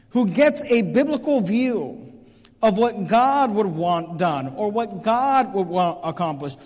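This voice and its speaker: Male pastor, high-pitched, deliberate sermon delivery, big reverberant sanctuary. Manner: slow, deliberate preaching with emphatic rises. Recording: long hall reverb.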